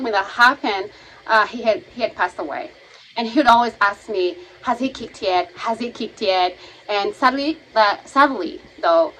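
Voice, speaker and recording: A woman's voice: a little high, rough recording. A young woman telling personal memories in a vlog, laughing often and acting out other people's voices. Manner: warm-hearted, laughs often, acts out quoted voices. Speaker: vlogger sharing memories. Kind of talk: personal storytelling to camera.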